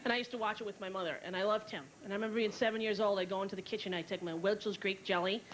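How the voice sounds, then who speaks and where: A woman's voice: mid-range voice, steady tone, racing, noisy background. A woman doing stand-up comedy on a theater stage, telling stories in a brash way and putting on voices for the people in them. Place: theater stage before a live audience. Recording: 1990s televised special with clear room ambience.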